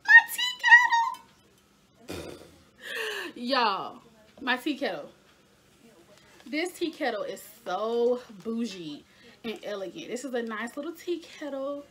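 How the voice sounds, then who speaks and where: A woman's voice: on the high side, lively intonation, unhurried, slightly rough. A young woman chatting casually in a home haul video, talking to her viewers as y'all. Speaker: lifestyle vlogger.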